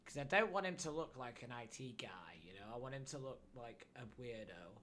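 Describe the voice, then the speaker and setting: A man's voice: mid-range voice, animated, fairly quick, a bit bright. A young man streaming live, chatting casually and thinking aloud while building a character.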